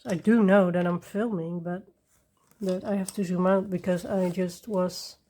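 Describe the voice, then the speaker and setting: A woman hosting a coloring video, chatting casually and rambling softly while she works at her desk. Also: fairly low pitch, steady tone, measured pace, a little hiss or hum. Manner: soft-spoken, rambling, with little laughs. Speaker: coloring channel host.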